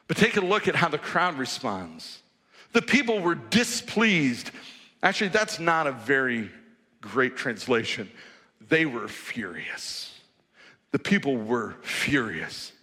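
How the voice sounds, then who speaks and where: A man preaching a sermon in a church hall, telling the story in a lively, conversational way. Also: mid-range voice, takes it slowly. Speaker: pastor. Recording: reverberant hall.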